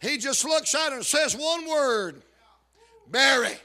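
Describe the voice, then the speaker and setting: A man preaching a sermon, repeating call-outs to the congregation and rising into shouted emphasis. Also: very high voice, expressive, unhurried. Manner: builds to shouted emphasis, calls out "are you listening".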